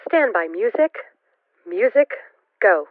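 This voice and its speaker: A woman giving a crisp backstage places call as a stage manager, heard through a tinny speaker. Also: medium pitch, big pitch swings, takes it slowly, no room sound.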